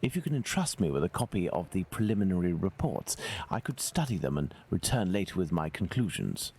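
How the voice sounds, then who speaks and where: An actor playing a calm, formal, self-assured male detective in a video game. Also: low-pitched, fairly quick, breathy edge, exaggerated voice. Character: calm, cerebral male detective Sherlock Holmes.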